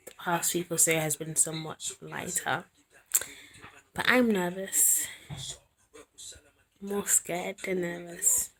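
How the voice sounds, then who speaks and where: A young woman speaking in a somewhat low voice, recording a casual video diary at home. She talks to herself with earnest, anxious sincerity, her words often sinking into a soft near-whisper. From England. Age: young adult. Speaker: university student vlogger. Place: at home indoors.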